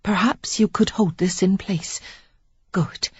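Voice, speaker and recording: A woman reading an audiobook, voicing a sheltered gentlewoman in her twenties who speaks politely and tentatively. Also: a little high, expressive, moderate pace, husky, dry recording, highs cut off, voice pushed up. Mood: anxious, polite. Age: 20s.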